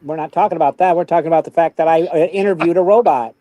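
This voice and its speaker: A man co-hosting a livestream chat, teasing the others and halting with restarts. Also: a little high, dry recording, muffled recording.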